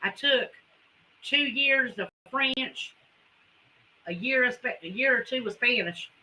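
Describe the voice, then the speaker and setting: A woman's voice: sits high, slow pace, pushed and bright, slight background noise, poor audio. A woman with a Southern US accent, chatting folksily with viewers as a homesteading livestream host. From Carolinas, US. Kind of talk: casual livestream chat with viewers.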